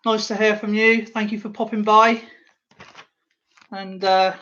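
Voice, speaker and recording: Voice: medium pitch, flat delivery, measured pace, pushed and bright. A host chatting casually to viewers on a live stream while showing a coin collection, rambling and talking straight to the audience. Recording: dull lo-fi sound.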